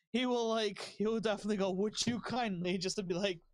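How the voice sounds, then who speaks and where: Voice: medium pitch, fairly even intonation, fast talker, no echo. Laid-back podcast co-host, frequent laughter, dry close recording. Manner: easygoing, laughs often, trails off. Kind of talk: casual chat.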